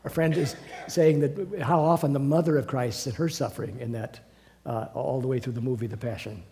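A man with a mellow, warm voice leads a Bible class for a small group in a meeting room. He retells scripture as a lively story and breaks into chuckles and asides. His pitch sits in the middle of the male range. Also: brisk, creaky. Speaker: Bible teacher.

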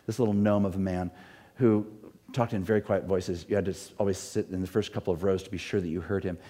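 A man's voice: fairly low pitch, warm tone. A middle-aged man, a pastor, talking in an earnest, rambling way with many restarts. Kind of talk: reflective talk.

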